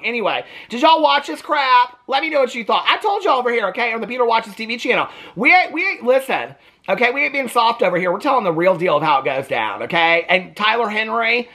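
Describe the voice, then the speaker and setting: A man's voice: very high-pitched, very animated, fairly quick, bright, forceful tone. A man giving sassy, emphatic casual commentary on a TV show, often ending with "okay?". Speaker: TV reaction vlogger.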